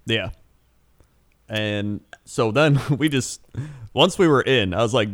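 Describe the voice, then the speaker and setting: A young man chatting casually and telling an animated story, acting out quotes and laughing often. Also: medium pitch, slow pace, long pauses, no echo, clean studio sound. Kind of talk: casual chat.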